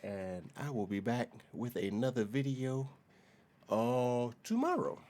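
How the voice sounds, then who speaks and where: An American man hosting a reaction video, chatting in a relaxed, slangy way and laughing often. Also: mid-range voice, takes it slowly. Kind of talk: casual reaction commentary.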